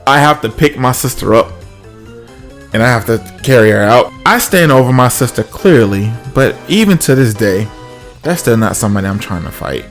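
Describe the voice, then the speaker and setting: A man's voice: medium pitch, animated, normal speed, soft background music. A man casually telling a comic personal story, acting out the other people's voices.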